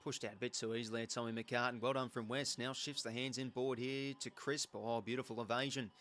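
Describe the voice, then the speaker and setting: Excitable Australian man calling footy. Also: mid-range voice, a little fast. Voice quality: excitable, chatty play-by-play. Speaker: host. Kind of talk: live watch-along commentary.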